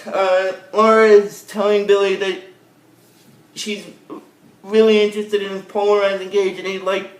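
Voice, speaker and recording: High-voiced young man rambling through a recap. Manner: rambling, heavy on fillers and repeated sign-offs. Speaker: video host. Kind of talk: casual episode recap. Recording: roomy echo.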